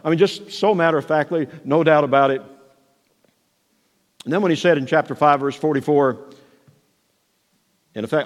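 A man preaching a sermon, moving between soft asides and raised, emphatic declarations. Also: a little high, fairly quick, pauses often. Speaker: pastor. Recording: long hall reverb.

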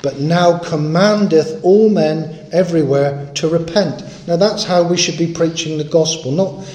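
A male preacher delivers a sermon earnestly and emphatically, repeating his points to drive them home. His somewhat raised voice has a dark tone and measured pace, ringing in an echoey room.

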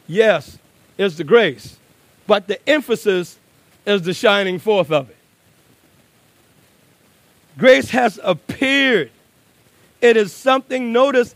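A high-voiced man preaching a sermon. He moves from hushed, low passages to ringing, emphatic peaks and stretches out the words he wants to stress. The sound is dry and close. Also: dry recording. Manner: swings from hushed low passages to loud emphatic bursts, slows on key words.

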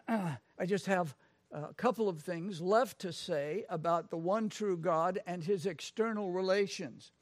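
Man, pastor, sermon, high voice, dry sound, low asides to loud proclaiming. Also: a little slow, no echo.

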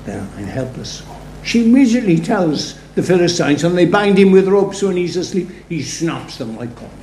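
A man's voice: sits high, animated, moderate pace, darkish tone. A man preaching a sermon in a conversational, storytelling way, full of rhetorical asides. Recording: roomy echo, faint background noise.

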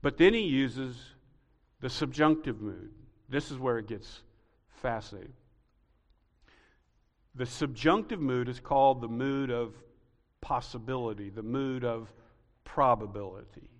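A man preaching a sermon as pastor, teaching patiently and building to loud, emphatic peaks. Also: mid-range voice, very animated, a little slow, long pauses, in a large hall. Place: church sanctuary.

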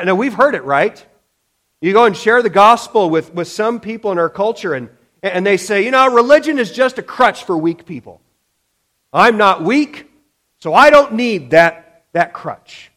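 Emphatic high-voiced male preacher. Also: fairly bright tone. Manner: emphatic, with frequent restarts and acted-out quotes. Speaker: pastor. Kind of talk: sermon.

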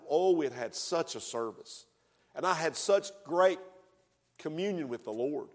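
A man preaching a sermon as pastor, building to loud, emphatic passages. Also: a little high, lively intonation, normal speed. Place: church sanctuary. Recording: long echoing reverb of a church hall.

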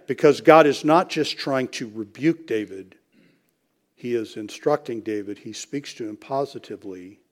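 Emphatic male preacher. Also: mid-range voice. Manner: emphatic, repeats key phrases for stress. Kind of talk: expository sermon.

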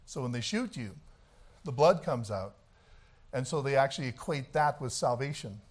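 A man preaching a sermon, swinging between shouted, fiery passages and quieter, conversational talk. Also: mid-range voice, animated, normal speed.

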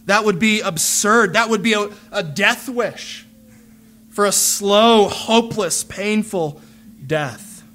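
A man preaching a sermon, earnest and measured, pleading with his listeners through repeated phrases. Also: high-pitched, pushed and bright.

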